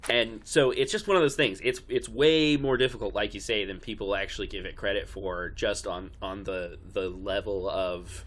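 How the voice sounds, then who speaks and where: Bright-toned, low-voiced male voice actor. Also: steady tone, moderate pace, hardly any pauses. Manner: chatty, frequent fillers. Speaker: podcast co-host and voice actor. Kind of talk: casual chat.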